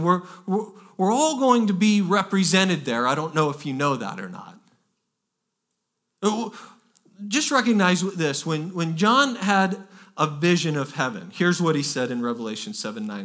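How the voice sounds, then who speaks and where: A man's voice: a little high, a bit bright. A pastor preaching a sermon, earnest and emphatic, often repeating words and pushing his voice up to stress key phrases.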